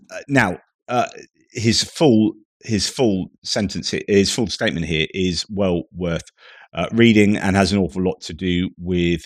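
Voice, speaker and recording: Deep-voiced man giving news commentary. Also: no room sound, studio quality. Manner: reads quotes, then comments in a loose, conversational way. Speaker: geopolitics commentator.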